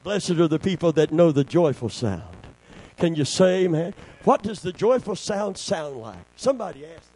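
A man's voice: on the high side, big pitch swings, moderate pace, mellow, breathy edge. A man preaching a sermon, calling for amens and breaking into song. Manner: call-and-response, asks congregation for amens.

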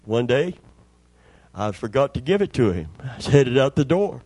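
A man's voice: mid-range voice, sing-song, moderate pace, a little mellow, slightly rough. A middle-aged man preaching a sermon in a folksy, conversational storytelling way, repeating words for emphasis. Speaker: pastor.

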